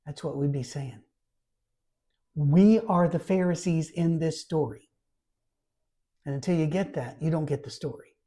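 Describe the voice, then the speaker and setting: A man's voice: a little high, a little slow, long pauses, warm tone. A man giving a conversational sermon as a Bible storyteller, stressing key phrases by repeating them.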